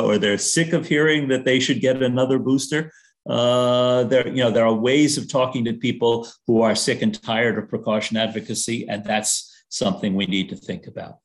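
An older man lectures from slides at a middle pitch, often pausing on "uh" and restarting his sentences. His delivery is thoughtful and unhurried, with a dry, wry humor. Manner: hesitant, many "uh" fillers and restarts, dry humor. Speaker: risk communication consultant giving a lecture.

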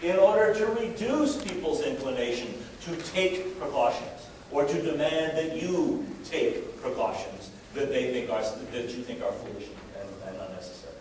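A man lecturing on risk communication speaks live to a room of listeners in a wry, conversational style full of fillers and restarts. His voice is on the high side, at normal speed with hardly any pauses. The room is very echoey, the mic is distant, and there's steady background noise.

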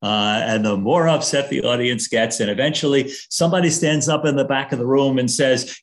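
An older man giving a lecture on risk communication, calling for the next slide, speaking in a halting way with many fillers and restarts and a dry sense of humor. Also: mid-range voice.

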